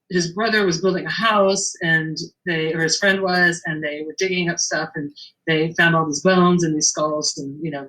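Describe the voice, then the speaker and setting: A middle-aged woman tells a story from her shop in an easygoing interview. Her voice is bright and forward, and she plays out every bit of dialogue with lively jumps in pitch. She laughs easily along the way. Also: rough recording. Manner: animated storyteller, acts out the dialogue, laughs often. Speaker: shop owner telling a story. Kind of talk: casual anecdote in an interview.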